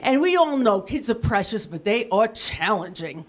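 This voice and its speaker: A woman's voice: fairly high pitch, big pitch swings, moderate pace. A woman performing a stand-up comedy set in a TV studio, delivering self-deprecating punchlines in a dry, matter-of-fact way. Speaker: stand-up comic. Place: TV studio with live audience.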